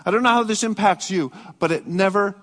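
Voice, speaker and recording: A man preaching a sermon as pastor, earnest, rising to emphatic peaks and dropping to soft reflective passages. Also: high-pitched, fairly quick. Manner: earnest, swings between raised emphatic and soft reflective delivery. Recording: long hall reverb.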